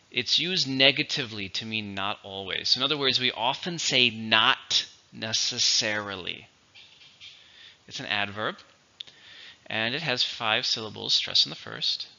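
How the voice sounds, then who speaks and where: A man teaching English vocabulary, explaining words slowly and clearly in a teacherly way. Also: mid-range voice, pushed and bright, highs cut off. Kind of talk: vocabulary lesson.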